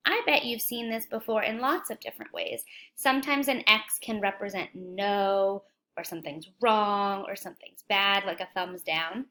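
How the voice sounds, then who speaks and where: Bright-voiced woman teaching kids phonics. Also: medium pitch. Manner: slow, clear, encouraging, asks questions to kids. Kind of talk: children's phonics lesson.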